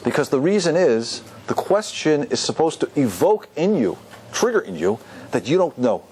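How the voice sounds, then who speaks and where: A rabbi giving a lively Torah class to an audience, often asking them questions. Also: male voice, on the high side, moderate pace, a little hiss or hum. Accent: Ashkenazi Hebrew pronunciation.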